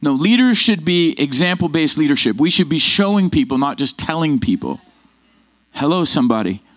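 A man preaches a Sunday sermon in a slightly raised pitch. He speaks with lively energy and calls on the congregation to answer him. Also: normal speed. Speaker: pastor. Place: church sanctuary with congregation.

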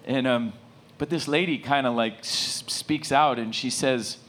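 A middle-aged man preaching a sermon, telling a story with lots of rambling asides and animated bursts. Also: medium pitch, measured pace. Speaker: pastor.

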